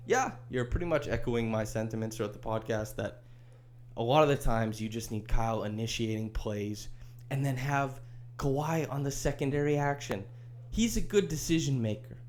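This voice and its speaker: A man's voice: mid-range voice, a little mellow, a little hiss or hum. A man hosting a solo sports podcast, talking in a chatty, wry, easygoing way. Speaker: podcast host. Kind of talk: casual solo podcast commentary.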